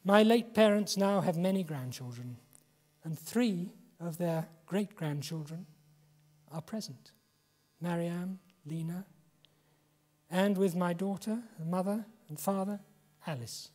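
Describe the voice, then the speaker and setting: A man in his seventies from England giving a reflective public lecture, measured and slowing for emphasis. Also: sits high, a little mellow. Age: 70s. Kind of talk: public lecture and poetry reading. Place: lecture hall. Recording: long hall reverb.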